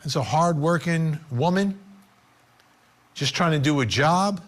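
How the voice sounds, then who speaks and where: A male television host delivers legal news commentary in a conversational, emphatic manner. His voice sits a little higher than most men's. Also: animated, unhurried.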